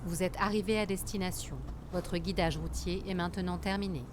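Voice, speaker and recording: Woman doing a flat low sat-nav lady reading out turns, engine noise behind. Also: fast, natural voice. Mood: calm instructing. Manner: flat, clipped, announcing. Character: in-game female sat-nav voice. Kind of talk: recorded navigation prompts.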